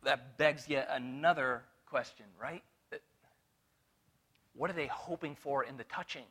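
A man preaching an expository Bible lesson to a room of listeners, animated and full of rhetorical questions. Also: medium pitch, unhurried, husky. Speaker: Bible teacher. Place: room with a live audience.

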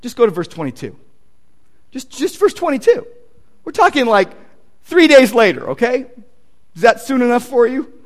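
A man's voice: very high voice, sing-song, moderate pace, pauses often. A male pastor preaching a sermon in a conversational, emphatic way, with casual asides to the congregation.

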